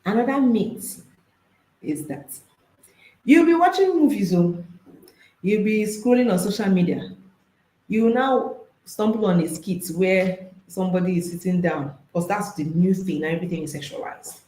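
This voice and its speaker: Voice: mid-range voice, animated, moderate pace, mellow, roomy sound, low-quality recording. A marriage and intimacy coach, speaking to an audience, emphatic and repeating phrases, firing off rhetorical questions.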